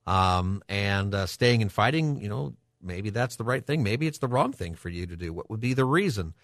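Low-voiced radio call-in host. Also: male voice, lively intonation, a bit bright, dry recording, clean studio sound. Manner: thinks aloud, halting with ums and restarts.

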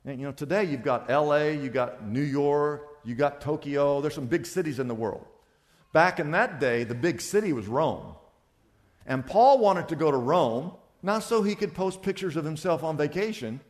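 A man preaching a sermon as pastor, acting out little conversations and swinging between loud and soft. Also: on the high side, normal speed, in a large hall. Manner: animated preaching, acts out little dialogues with shifts of loudness.

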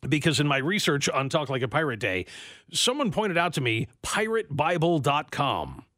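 A man co-hosting a radio talk show in casual banter, playful and animated, reading listener comments aloud. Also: fairly high pitch, moderate pace, no room sound, studio quality.

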